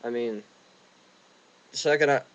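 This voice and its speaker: A man's voice: mid-range voice, a little slow, low-quality recording. A young man ranting casually and indignantly, rambling with restarts, recorded outdoors in the wind. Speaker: vlogger. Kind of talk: casual rant.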